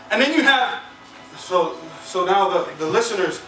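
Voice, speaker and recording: A man's voice: high voice, animated, a little slow, bright, forceful tone. A man preaching a sermon as pastor, telling stories in a conversational, humorous way and drawing responses from the congregation. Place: church sanctuary. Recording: echoey hall from far off, with music.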